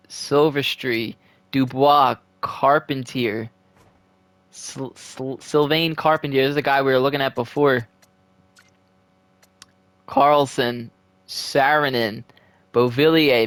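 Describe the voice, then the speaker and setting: An excitable young man talks through a simulated hockey season at his desk microphone, cheering, groaning and swearing at the game. His voice sits at an ordinary middle pitch and is recorded dry and close, with no room sound. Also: no room sound. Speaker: gaming video creator. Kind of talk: casual play-by-play commentary of a simulated hockey game.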